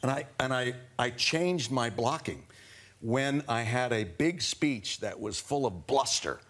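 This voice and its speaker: A man, a guest actor on a chat show, telling an animated anecdote and acting out the scenes. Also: mid-range voice, a little slow. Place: TV studio with audience.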